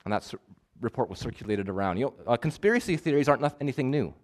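A male preacher delivering a sermon, emphatic and measured, repeating key phrases for weight. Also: medium pitch, lively intonation. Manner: measured, stretches words for stress.

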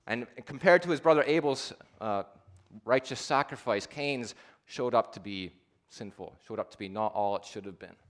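A man preaching a sermon, rising to loud emphatic peaks and sinking to low, hushed phrase endings, and slowing down for deliberate repeated emphasis.

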